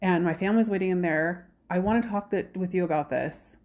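A woman hosting a podcast in casual chat, animated, acting out quoted dialogue. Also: fairly low pitch, fairly quick, highs cut off. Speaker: podcast host.

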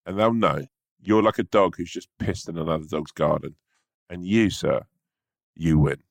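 A man's voice: sits low, moderate pace, vocal fry, dry recording. A man co-hosting a podcast, spinning vivid, mock-vindictive jokes in casual chat. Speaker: podcast co-host.

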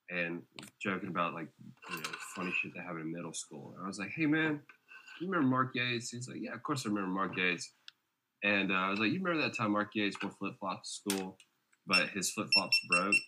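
A man from Georgia, a podcast guest telling stories in a low, laid-back voice with deadpan teasing. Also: background noise. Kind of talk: casual storytelling chat.

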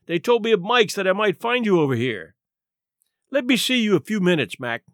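Male reader as big smooth fixer, confident, storybook. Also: high voice, expressive, normal speed, a bit bright, no room sound, clean studio sound.

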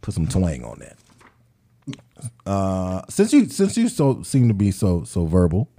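A man with a fairly low voice hosts a casual podcast, teasing the crew and laughing between questions. His pitch swings widely as he talks. The room sounds dry and close. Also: huge pitch swings, a little slow, warm tone, no echo. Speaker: podcast host. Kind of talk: casual chat.

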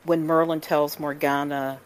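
A woman in a casual chat, retelling scenes with animated delivery. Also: low-pitched, measured pace, clear, resonant tone, poor audio. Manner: animated storytelling with mimicked voices.

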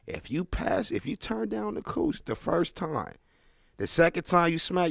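Loud animated man doing stand-up. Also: fairly high pitch, measured pace, vocal fry, dry recording. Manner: loud, animated, slangy street talk with crowd asides. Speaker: stand-up comedian. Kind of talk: stand-up comedy set.

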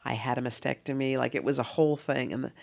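A woman in her fifties with a gravelly, creaky edge to her voice. She tells a personal story to an interviewer with earnest, animated candor, bringing the people in it to life. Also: extremely low pitch, quick pace. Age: 50s. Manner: earnest, animated, acts out dialogue. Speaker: interview guest.

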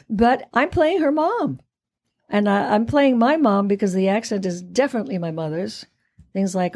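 A woman's voice: medium pitch, lively intonation, measured pace, creaky, long pauses, darkish tone. A woman in her eighties, a guest actress chatting in an interview in a theatrical way, often laughing. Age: 80s. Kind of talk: casual interview chat.

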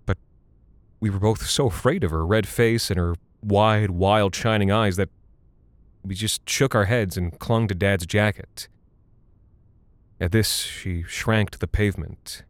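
A man giving a measured, somber first-person scripted horror narration. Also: on the low side, clean tone, no room sound. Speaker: narrator and voice actor.

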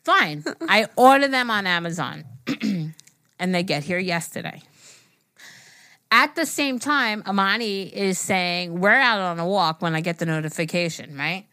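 A middle-aged woman co-hosting a casual podcast, telling a story in an animated way and swearing freely. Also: on the low side, unhurried, clear, resonant tone, dry recording. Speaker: podcast co-host. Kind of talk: casual chat.

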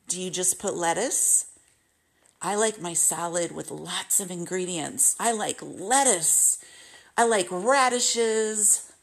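A woman podcast host telling personal stories in an earnest monologue, acting out the people she quotes. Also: mid-range voice. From United States. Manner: earnest, animated retelling with quoted voices.

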